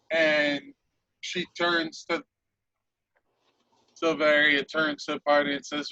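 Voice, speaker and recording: A man narrating a tabletop game as game master, unhurried and animated. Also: fairly high pitch, no room sound, lo-fi sound.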